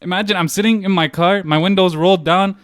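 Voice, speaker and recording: A young American man tells a story at a rapid clip, his voice a touch higher than most and cleanly defined. He throws himself into quoted lines with sudden leaps upward. The sound is close and dry. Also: clean tone, dry recording. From United States. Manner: animated, acts out quotes with big pitch jumps. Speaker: podcast guest. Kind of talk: casual storytelling chat.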